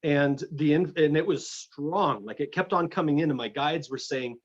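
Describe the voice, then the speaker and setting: A middle-aged man telling a personal story as a guest in an interview, animated and full of restarts. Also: on the high side, moderate pace, hardly any pauses, highs cut off. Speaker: guest, energy healer.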